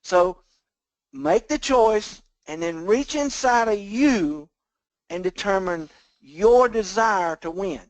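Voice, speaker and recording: A man's voice: sits high, expressive, slow, no room sound, low-quality recording. A man leading a sales team call, giving a folksy motivational talk. He repeats phrases over and over in a preachy rhythm. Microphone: phone or conference call line.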